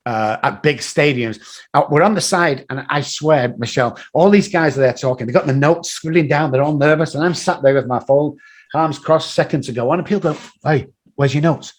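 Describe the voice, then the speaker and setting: A guest who works as an addiction recovery coach tells motivational stories in a fairly high, brisk voice. He is animated and acts out the voices of the people in them.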